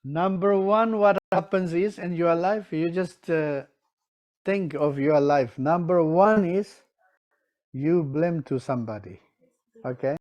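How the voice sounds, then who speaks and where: A man's voice: fairly high pitch, slow pace, dull audio. A man teaching a class on Tibetan medicine, often checking in with his students and acting out their excuses. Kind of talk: lecture to a class.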